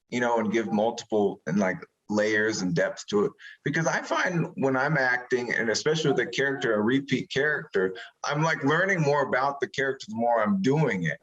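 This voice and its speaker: A man, an actor being interviewed, talking casually and rambling, animated when he retells moments. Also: mid-range voice, normal speed, dull audio.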